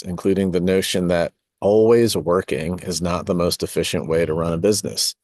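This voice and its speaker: A man's voice: low-pitched, dry recording, clean studio sound. A middle-aged man, a podcast host and design teacher, reading his own essay aloud in a reflective way, with asides and self-corrections.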